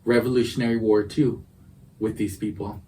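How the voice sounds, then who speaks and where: A man's voice: on the low side, little pitch movement, moderate pace, dark tone. Mock-indignant man, off-mic. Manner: emphatic, mock-indignant joking. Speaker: podcast co-host. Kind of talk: casual chat over drinks. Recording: distant mic with faint background noise.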